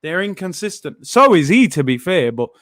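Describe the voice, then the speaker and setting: A young man hosting a live football watchalong, frustrated and animated, breaking into sudden shouts. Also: high-pitched, normal speed. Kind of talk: live match reaction.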